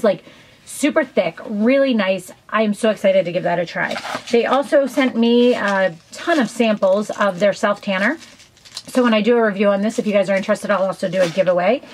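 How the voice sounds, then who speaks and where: A woman's voice: medium pitch, a little hiss or hum, poor audio. A woman chatting casually in a beauty haul video, enthusiastic and rambling with lots of ums and side comments. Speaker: beauty vlogger.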